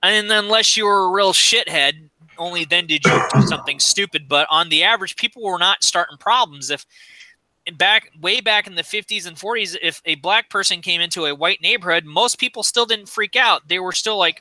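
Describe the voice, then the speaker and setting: A man with a high-pitched, very bright voice talks bluntly on a casual podcast, swearing freely. He often acts out both sides of past arguments. The sound is dry and close. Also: a little fast, dry recording, poor audio. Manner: profane, blunt, acts out quoted exchanges. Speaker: podcast co-host. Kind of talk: casual chat.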